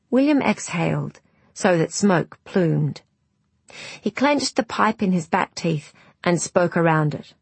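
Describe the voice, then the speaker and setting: A woman narrating an audiobook in a measured, even storytelling manner. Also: on the low side, creaky, breathy edge, dry recording.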